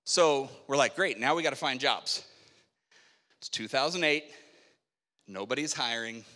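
A middle-aged man telling a personal faith story as a sermon, animated, acting out the dialogue of the people in it. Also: mid-range voice, unhurried. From Spokane, Washington, USA. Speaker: preacher telling his testimony. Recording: long echo of a hall.

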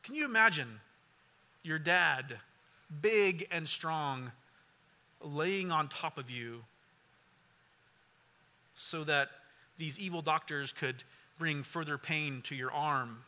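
A pastor in his forties, voice a little high, tells a personal story within his sermon and prayer. He speaks earnestly but haltingly, repeating words and going very quiet at tender points.

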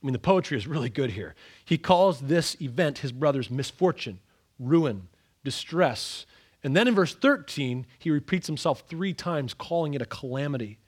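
A man preaching an expository sermon, dramatic and animated, acting out the scripture with sudden raised outbursts. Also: a little high, normal speed, breathy edge.

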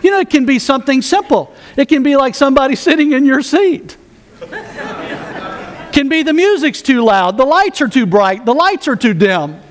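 A man's voice: extremely high pitch, lively intonation, normal speed, some chatter behind. A man pastor preaching a sermon, folksy with joking asides, reading scripture aloud.

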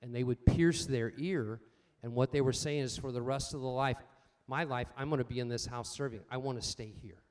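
An older man preaching a sermon, swinging between loud emphatic points and quiet personal stories, calling out for amens. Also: medium pitch, moderate pace, few pauses. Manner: asks the congregation for amens. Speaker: pastor.

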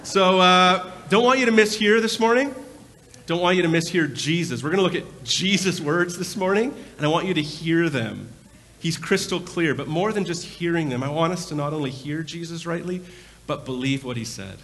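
A man's voice: a little high, normal speed, fairly bright tone. Man preaching in a reverberant church. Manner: conversational storytelling preacher. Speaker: pastor. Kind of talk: sermon. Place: large church with balcony. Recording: long hall reverb.

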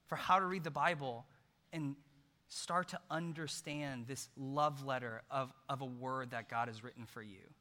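Pastor preaching with bright ringing tone. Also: male voice, medium pitch, unhurried. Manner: storytelling, swinging between loud emphasis and hushed soft passages. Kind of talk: sermon. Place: large church hall. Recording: long hall reverb.

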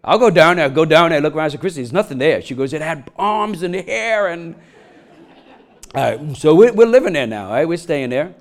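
A middle-aged man preaching a sermon, telling a funny personal story, laughing often and getting loud as he acts it out. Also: fairly high pitch, expressive, fast, few pauses. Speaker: pastor.

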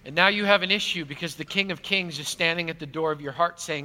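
A male pastor preaching an Easter sermon, animated, swinging from loud emphasis to hushed lines. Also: fairly high pitch, fast, few pauses. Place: large church auditorium. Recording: long hall reverb.

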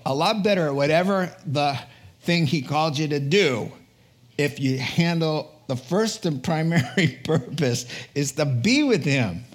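Energetic higher-voiced male preacher. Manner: energetic, exhorting, repeats words for punch; jokey asides, laughs at himself. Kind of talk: sermon.

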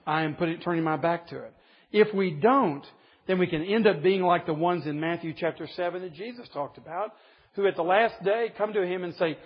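Guy giving an earnest sermon, kinda husky, bit higher voice, long hall echo. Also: brisk. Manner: earnest preaching with rising emphasis. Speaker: preacher. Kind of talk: sermon to men. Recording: dull lo-fi recording in a reverberant hall.

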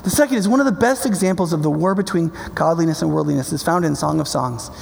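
Male preacher, high voice, emphatic and conversational, long hall reverb. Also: fast talker, gravelly, a little mellow, a little hiss or hum. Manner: emphatic, conversational, keeps asking "right?". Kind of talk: sermon.

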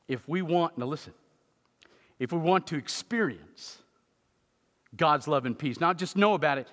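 A man preaching a sermon in a church, telling humorous stories and building to loud emphatic moments. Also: fairly high pitch. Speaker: pastor. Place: church sanctuary. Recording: long hall reverb.

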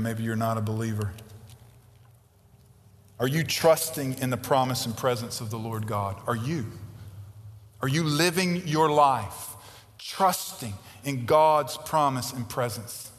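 A man preaching a sermon, swinging between forceful emphasis and hushed, intimate lines. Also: mid-range voice. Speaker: pastor. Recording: reverberant hall.

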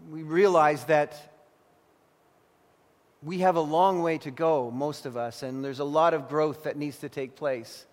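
A man with a high voice delivers an impassioned sermon, his words carrying a long reverb through the church sanctuary. He swings between pleading prayer and steady teaching as a pastor. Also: unhurried. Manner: impassioned, voicing anguished prayer then calm teaching.

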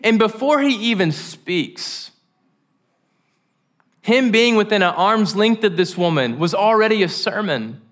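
A man preaching a sermon, animated and joking, acting out the quoted voices. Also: high-pitched, measured pace.

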